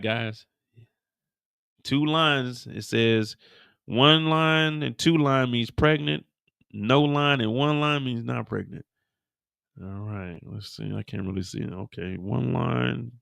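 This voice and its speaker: A man casually recapping a TV episode, animated and profane, acting out the characters' lines as he goes. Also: medium pitch, slow, vocal fry, long pauses. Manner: animated, profane storytelling with acted-out quotes. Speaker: show recap host.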